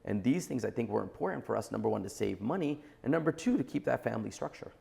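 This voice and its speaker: A man's voice: on the low side, expressive, fast talker, gravelly, a little mellow. A man in his forties, a guest on a podcast interview, giving blunt and emphatic opinions. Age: 40s. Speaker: entrepreneur guest.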